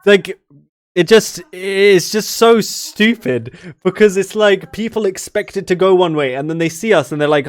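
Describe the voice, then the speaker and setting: Animated British man, higher voice. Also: moderate pace, no room sound. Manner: animated, laughing, acts out voices in stories. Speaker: podcast co-host. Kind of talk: casual chat.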